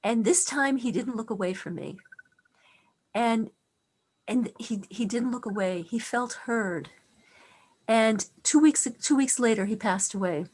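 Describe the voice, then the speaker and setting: A middle-aged woman giving a talk on faith. She tells stories earnestly and softens to a hush on tender lines. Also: on the high side, measured pace, long pauses. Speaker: speaker on faith.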